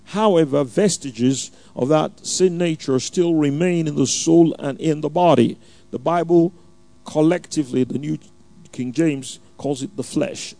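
A man preaching a sermon in a church, opening with a measured, fervent prayer and then teaching with frequent restarts and fillers. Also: medium pitch, gravelly, dark tone.

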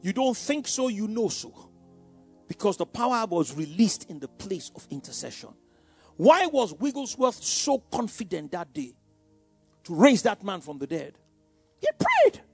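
A man preaching a sermon, calling out questions to the congregation and swinging from hushed tones to shouts. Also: sits high, very animated, unhurried, breathy edge, faint music behind.

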